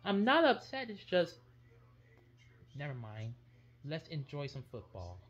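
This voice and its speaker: Mario the cheerful plumber, as a woman puts him on for a kids' toy play video, breathy and chatty with a voice that swoops up and down. He stays low in the voice and keeps the talk lively. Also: a little slow, exaggerated voice. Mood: insistent. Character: cheerful male plumber, football fan.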